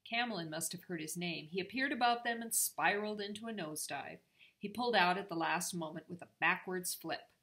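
An older woman, a grandmother, reading a storybook aloud to her grandchildren in a steady, clear way. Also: on the low side, brisk.

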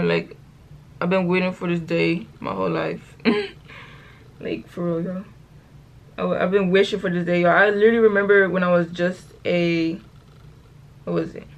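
This get-ready-with-me vlog at home features a teenage girl with a low voice and vocal fry. Chatty and rambling, she tells a story in slang, catches her own mistakes, and keeps saying "y'all" to her viewers.

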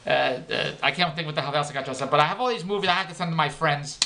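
Middle-aged man, bright-voiced joke-teller, loose and rambling, laughs at his own gags. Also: on the high side, racing, gravelly, slight background noise. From Philadelphia, United States. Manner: joke-telling, rambling, self-interrupting, laughs at himself. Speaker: vlogger and comedian. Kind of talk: rambling comedic vlog monologue.

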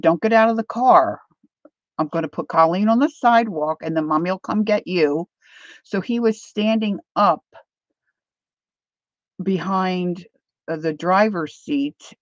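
A middle-aged woman chats and rambles at home while crafting, calling out to viewers by name. Her voice is dry, with no room echo, and the recording sounds dull and lo-fi. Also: fairly low pitch. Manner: chatty, rambling storyteller, talks to viewers by name. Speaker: craft channel host. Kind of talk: casual livestream chat while crafting.

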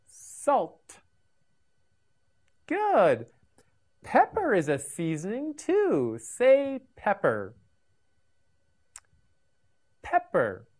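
A woman with a low voice teaching vocabulary to children, very slow and sing-song. Her pitch swoops widely as she repeats each word for learners to copy. She sounds like a scripted classroom lesson.

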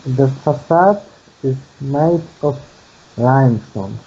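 A man's voice: medium pitch, dark tone, slight background noise. Man, Polish accent, English learner, hesitant, dull lo-fi call audio. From Poland. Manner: slow, hesitant, halting. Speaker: English student. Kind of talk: reading aloud in a lesson.

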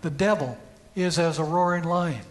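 High-pitched male preacher, storytelling sermon with emphatic peaks, church setting. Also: normal speed. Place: church sanctuary.

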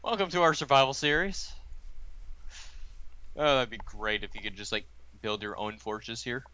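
Bright, clear-voiced teen boy gamer. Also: medium pitch, normal speed. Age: teens. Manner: playful, joking. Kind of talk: casual gameplay chat.

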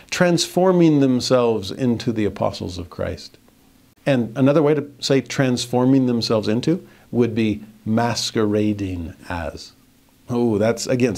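A middle-aged man teaching a verse-by-verse scripture lesson, reading verses slowly and commenting with animated emphasis. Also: mid-range voice.

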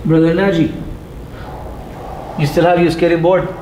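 A man teaching a class, patiently repeating sounds slowly and putting questions to his students. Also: level tone, mellow. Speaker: Arabic teacher. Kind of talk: classroom lesson. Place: mosque classroom. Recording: echoey room with faint rumble.

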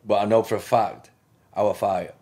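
A man's voice: on the low side, fairly even intonation, normal speed, warm tone. A man, a fighter guest on a podcast, speaking confidently in short plain answers. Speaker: bare-knuckle fighter guest. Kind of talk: casual interview chat.

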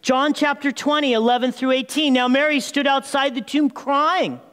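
A man preaching a sermon as pastor, retelling the story with lively asides and calling the congregation "people.". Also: extremely high pitch, moderate pace, big-room sound. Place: church sanctuary.

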